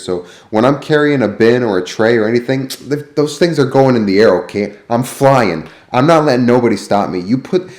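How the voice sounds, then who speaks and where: A man's voice: mid-range voice, darkish tone, echoey room. A man telling a rambling, profanity-filled story as a vlogger. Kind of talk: ranting vlog storytelling.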